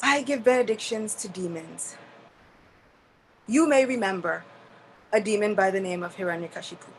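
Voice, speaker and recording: A woman's voice: medium pitch, normal speed, a little hiss or hum, pitched below the performer's own voice, close to an everyday voice, low-quality recording. A woman voicing Lord Brahma, an elderly male creator god who earnestly blames himself, in a devotional story. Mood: self-reproaching. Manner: self-reproaching, earnest, emphatic.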